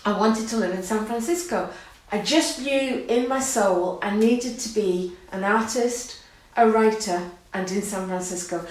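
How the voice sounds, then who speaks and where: A middle-aged woman speaks to camera about her own life, reflective and earnest, and at times she laughs and grows emotional. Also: on the high side. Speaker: art course host. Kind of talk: personal talk to camera. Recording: very echoey room.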